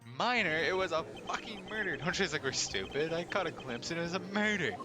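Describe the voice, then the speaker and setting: A man voicing a frantic, rude male airplane passenger, shrill and loud, with game music behind. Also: big pitch swings, fast. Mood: panicked. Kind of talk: voicing game dialogue on stream.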